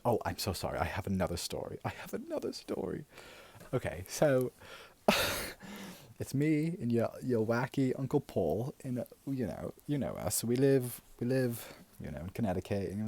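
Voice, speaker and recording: A man's voice: lowish voice, darkish tone, breathy edge, dry recording, exaggerated voice. A man playing a chatty middle-aged auntie in an ASMR role-play, rambling, giggling and repeating himself as he tells pointless stories close to the mic. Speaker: aunt character in role-play.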